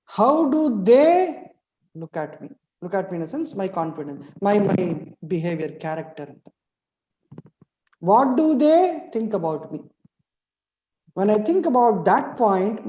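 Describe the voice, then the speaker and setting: A man's voice: high-pitched, mellow, echoey room, low-quality recording. A middle-aged man giving a motivational webinar lecture as a trainer. He asks rhetorical questions and keeps checking in with "right?".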